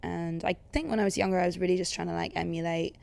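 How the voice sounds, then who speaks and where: A young Englishwoman with an Essex accent talks loosely and sarcastically, peppering every thought with "like." Her voice sits slightly low and carries a gravelly fry. The tone stays easygoing and conversational throughout. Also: fairly even intonation, fast talker, darkish tone. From England. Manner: chatty, lots of "like", sarcastic asides. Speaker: guest. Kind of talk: casual podcast chat.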